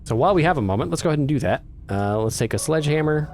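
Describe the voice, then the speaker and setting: A man's voice: a little high, expressive, racing, darkish tone, a little hiss or hum. A man hosting a casual let's play, chatting and reading the game's text aloud. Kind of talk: casual gameplay commentary.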